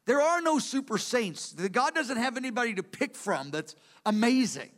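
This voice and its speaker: A man with a notably high voice delivers a Bible teaching from his notes. He speaks earnestly and with emphasis, circling back to repeat key words so they land. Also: very animated, normal speed, a bit bright. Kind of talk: teaching sermon from lecture notes.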